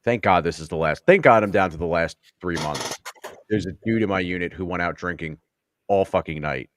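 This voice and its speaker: Co-host, male, low voice, dry close sound, swears freely, acts out the people in his stories. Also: a little fast, dry recording. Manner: storytelling, swearing, acts out quotes. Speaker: podcast co-host. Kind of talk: casual profane chat.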